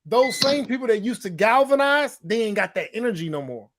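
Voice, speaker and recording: Man, high voice, emphatic, repeats phrases, casual podcast chat, faint background hiss. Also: big pitch swings, brisk. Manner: emphatic, repetitive, acts out quotes. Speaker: podcast co-host.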